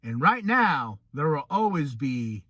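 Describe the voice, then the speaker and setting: A man's voice: a little high, slow, no room sound, studio quality. A man hosting a podcast, talking casually and animatedly, acting out what other people say. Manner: animated, acts out quoted people. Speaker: podcast host. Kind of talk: casual monologue.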